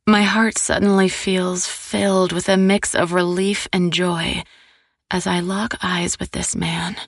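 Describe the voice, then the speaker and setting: A woman narrating a first-person romance audiobook in an intimate, soft-spoken way. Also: on the low side, flat delivery, measured pace, no echo, clean studio sound.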